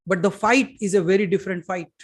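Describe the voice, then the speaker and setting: Man, Indian English accent, spiritual teacher, satsang talk, emphatic, loud-soft swings, questions to listeners. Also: high-pitched, steady tone, fast talker, husky. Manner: addresses listeners directly with questions. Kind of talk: satsang talk to a live audience.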